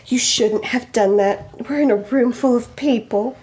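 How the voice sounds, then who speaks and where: A woman voicing a prim, indignant space princess in a comic fan fiction read-aloud, slow and huffy. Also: fairly high pitch, a little mellow, natural voice.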